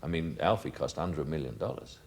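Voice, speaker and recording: Male interviewee, extremely deep voice, thoughtful, halting. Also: lively intonation, creaky. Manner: musing, stops and restarts. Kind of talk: reflective interview answer.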